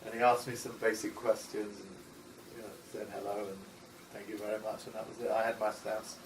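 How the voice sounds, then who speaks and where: Low-voiced man in an echoey room. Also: little pitch movement, distant mic, noisy background. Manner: halting, with many restarts and laughs. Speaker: interview guest. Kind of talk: casual conversation.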